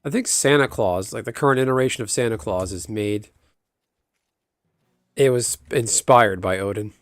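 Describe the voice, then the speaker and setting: A man's voice: on the low side, moderate pace, dry recording, studio quality. A man chatting casually on a livestream, rambling and answering viewers' chat aloud. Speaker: live streamer.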